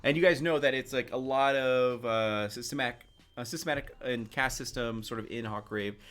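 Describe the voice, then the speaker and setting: A man's voice: mid-range voice, normal speed, a bit bright. A man narrating a tabletop role-playing game as game master, in a loose, rambling way with lots of fillers.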